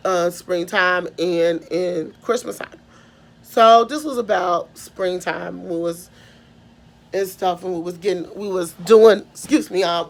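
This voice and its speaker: A young woman, rambling through a personal story and correcting herself as she goes. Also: mid-range voice. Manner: rambling, self-correcting, emotional retelling.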